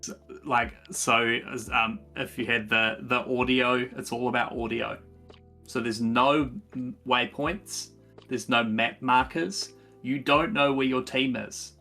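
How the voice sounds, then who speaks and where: A man guest on a gaming podcast, explaining a game in casual chat with halting restarts. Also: mid-range voice, steady tone, bright, forceful tone, faint music behind.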